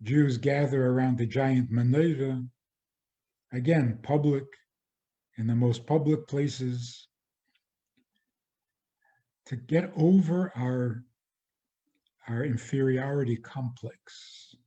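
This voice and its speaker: A male rabbi lecturing at a very slow, deliberate pace. His tone is mellow and dark. He talks in a measured way and often circles back to repeat a phrase. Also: medium pitch, highs cut off. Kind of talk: spoken lecture.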